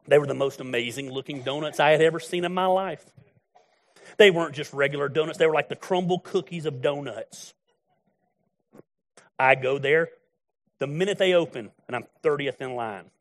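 Blunt preacher. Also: male voice, on the high side, normal speed, long pauses. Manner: folksy, blunt, storytelling preacher. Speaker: pastor. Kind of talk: sermon.

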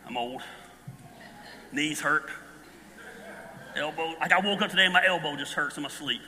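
A fifty-something man preaches with lively, storytelling energy, breaking into shouts as he builds. His voice sits high and very bright. It rings out with a long hall reverb. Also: moderate pace. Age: 50s. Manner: animated storytelling, bursts into shouts. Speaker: pastor. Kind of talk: sermon.

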